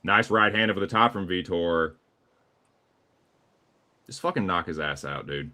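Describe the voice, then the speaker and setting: A man's voice: deep voice, expressive, a little slow, bright, forceful tone. A man with a Southern US accent calling live fight action play by play, casual and profane. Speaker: play-by-play commentator.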